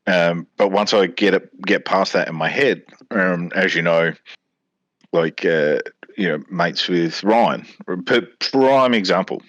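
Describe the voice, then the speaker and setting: Male co-host, low register, rambling storyteller, dry close sound. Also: takes it slowly, fairly bright tone, no echo, muffled recording. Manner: rambling anecdotes with laughs and acted-out quotes. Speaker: podcast co-host. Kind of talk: casual chat.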